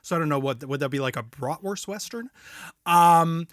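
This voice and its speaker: A man's voice: a little high, moderate pace, fairly bright tone, no echo, studio quality. A man hosting a film podcast, reading film history notes with jokes and frequent laughs. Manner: jokey, laughs often. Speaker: podcast host. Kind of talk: casual chat with read-out film notes.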